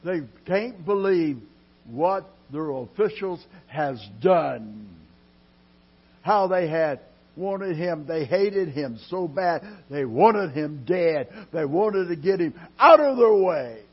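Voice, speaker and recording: A man preaching a sermon in a dramatic style, dropping to a hush and then rising loud, drawing his words out slowly. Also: on the high side, lively intonation, husky. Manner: dramatic preaching with sudden loud rises and quiet drops; slow, drawn-out delivery. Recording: dull lo-fi sermon recording.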